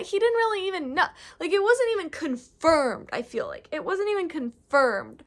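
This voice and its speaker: High-voiced young woman rambling goofily. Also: big pitch swings, moderate pace, hardly any pauses, a bit bright. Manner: rambling and goofy, heavy on slang and fillers. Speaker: vlogger. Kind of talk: casual storytelling to camera.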